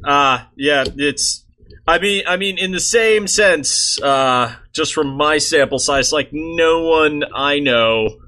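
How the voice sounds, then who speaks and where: A man's voice: a little high, slow, bright, forceful tone. A man from the United States in a casual group chat, hesitating and thinking aloud.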